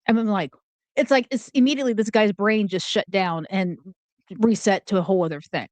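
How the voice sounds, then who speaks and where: A woman's voice: medium pitch, brisk, darkish tone, dry recording. A woman giving chatty, casual true crime commentary and thinking aloud as she goes. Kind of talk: casual commentary over clips.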